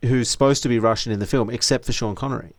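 A man's voice: medium pitch, fairly even intonation, quick pace, dry recording. A man co-hosting a casual film podcast, talking hesitantly with stammering restarts and questions. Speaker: podcast co-host.

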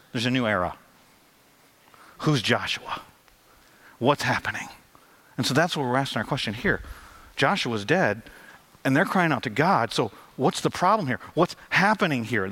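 A man's voice: fairly high pitch, fairly bright tone. A male pastor preaching a conversational sermon, acting out quotes with lots of energy.

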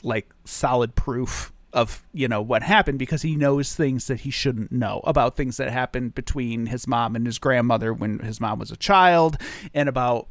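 A man's voice: medium pitch, moderate pace, no echo. A man co-hosting a podcast, rambling about a film with many restarts and fillers, sleep deprived. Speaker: podcast co-host. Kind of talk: casual film discussion.

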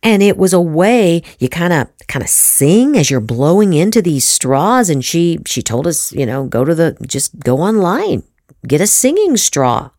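A middle-aged woman giving casual advice on voice acting, animated, with many restarts and repeated words. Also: on the low side, unhurried, no echo, clean studio sound. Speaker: voice acting teacher, podcast host. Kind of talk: casual instructional talk.

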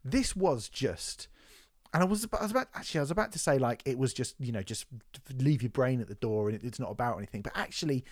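A man's voice: medium pitch, expressive, quick pace, no echo, studio quality. Sweary, rambling man on a podcast. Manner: sweary, rambling with many fillers and restarts. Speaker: podcast co-host. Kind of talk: casual chat.

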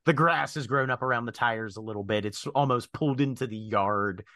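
A man's voice: mid-range voice, fairly quick, bright, forceful tone, no echo, studio quality. A man acting as game master, describing the scene in a hesitant way with many fillers. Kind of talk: narrating a tabletop game.

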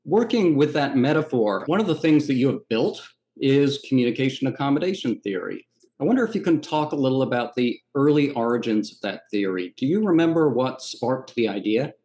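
A man's voice: medium pitch, expressive, brisk, darkish tone. A man, a professor, asking interview questions in a courteous, enthusiastic way.

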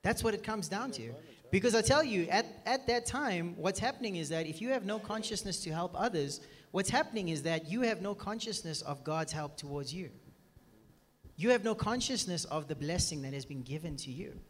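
A man's voice: high voice, lively intonation, normal speed. Emphatic male preacher in an echoing hall. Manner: emphatic, keeps asking "are you with me". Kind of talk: sermon. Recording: long reverb from a hall.

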